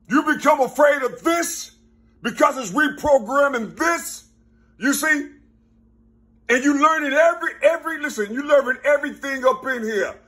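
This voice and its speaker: Excitable high-voiced man rambling in slang. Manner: street slang, repeats "you see?" and "you know what I'm saying?"; excitable, mixes laughs and sudden loud bursts. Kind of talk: rambling casual monologue.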